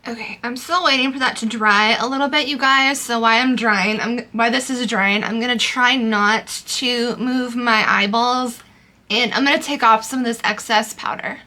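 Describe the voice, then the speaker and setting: A woman's voice: on the high side, steady tone, normal speed, pushed and bright. A young woman chatting casually through a makeup tutorial, loose and full of fillers. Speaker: beauty vlogger.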